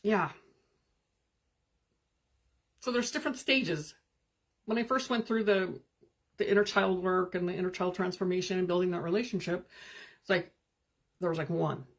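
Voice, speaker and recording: A woman hosting a live stream as a spiritual coach, speaking in calm, gentle, meditative guidance with pauses and answering viewer comments. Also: fairly low pitch, gravelly, slightly rough.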